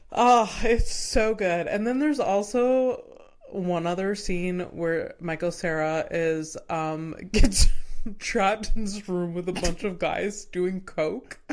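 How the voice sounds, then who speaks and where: A woman's voice: mid-range voice, slow pace. A woman hosting a podcast in casual chat, retelling movie scenes with lots of laughter. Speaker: podcast host.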